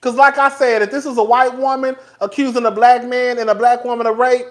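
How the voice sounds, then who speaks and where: A man's voice: extremely high pitch, fairly quick. A man hosting a casual live-stream commentary, chatty and profane, laughing often and talking straight to his viewers. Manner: animated, profane, laughs often between remarks; chatty, talks straight to viewers as "girl" and "y'all". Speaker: host.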